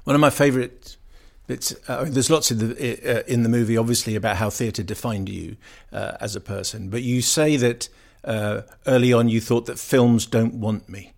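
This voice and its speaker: Mid-pitched male radio film host. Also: fairly even intonation, normal speed, creaky, darkish tone. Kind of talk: interview questions.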